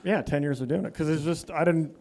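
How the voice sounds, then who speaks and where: A stand-up comedian guesting on a radio talk show, chatting earnestly and a little ramblingly. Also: male voice, a little high, fairly quick, darkish tone. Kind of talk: casual chat. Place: radio studio.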